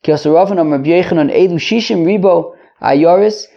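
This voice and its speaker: A man hosting a podcast, reading Aramaic phrases slowly and then paraphrasing them quickly in English, with casual asides. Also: fairly high pitch, gravelly, warm tone. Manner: casual asides with frequent fillers. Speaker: podcast host teaching Talmud. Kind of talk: casual Talmud lesson, reading and translating. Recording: dull lo-fi audio.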